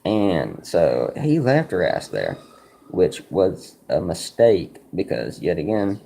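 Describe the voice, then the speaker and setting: A very deep, gravelly man spins a loose, rambling story between moves of a card game. His swearing is casual and his delivery swoops up and down, with a dark, mellow tone. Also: sing-song, slow. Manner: rambling, profane, full of likes and you-knows. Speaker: streamer.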